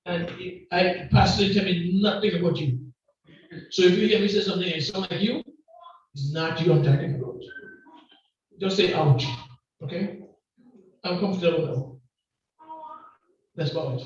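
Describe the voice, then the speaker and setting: Grenadian guy preaching loud and jokey, kinda high voice, far off the mic, hall echoing like crazy. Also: moderate pace, pauses often. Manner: loud, call-and-response, joking with the congregation. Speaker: guest preacher. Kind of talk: lively church sermon. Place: church hall. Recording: distant, echoey and muffled hall recording.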